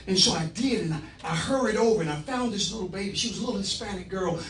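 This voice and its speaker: A man with a fairly high voice tells a personal story as public testimony, earnest and fervent. He is picked up from a distance in a roomy council chamber. A faint hum of the room sits underneath. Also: fast, a bit bright. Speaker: speaker giving public testimony. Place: city council meeting room. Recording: echoey room from far off.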